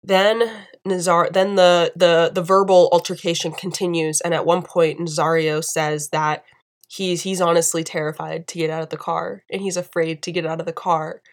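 Indignant woman with a low voice. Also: flat delivery, normal speed. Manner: emphatic and indignant, repeating phrases for force. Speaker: video commentator. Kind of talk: impassioned commentary.

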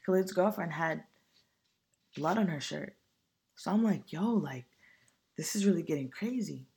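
A young adult in their twenties tells a painful memory on a podcast. The talk is loose and earnest, thick with slang and swearing, at a mid pitch. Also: a little slow, vocal fry, a little mellow, breathy edge. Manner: casual, slang-heavy and profane, earnest. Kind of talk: personal storytelling.

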